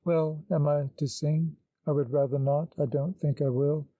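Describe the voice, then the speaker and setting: A man's voice: fairly high pitch, steady tone, normal speed, dark tone, dry recording, close to an everyday voice, poor audio. A man voicing a dazed young woman singer who speaks with hesitancy and stammers, in an audiobook.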